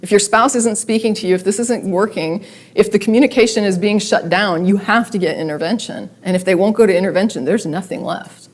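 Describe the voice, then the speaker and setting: A woman speaking to an audience in a conversational, wry way. She leans on words with animated emphasis and drops dry asides as she goes. Her voice sits at an ordinary middle pitch. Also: fairly quick. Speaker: guest speaker. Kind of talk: public talk with read-aloud letters.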